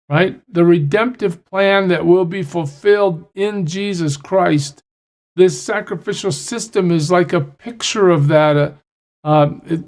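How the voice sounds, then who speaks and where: A man who leads a church Bible study, reading scripture aloud and then explaining it in plain, chatty asides. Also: high voice. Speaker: pastor.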